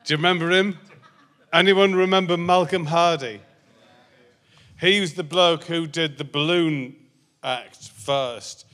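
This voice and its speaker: Guy rambling through an old story, keeps losing the thread, slow drawl, bright tone, echoey theatre sound. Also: a little high. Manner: meandering, loses his thread. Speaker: guest. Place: theatre stage before a live audience. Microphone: handheld microphone. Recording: reverberant theatre hall.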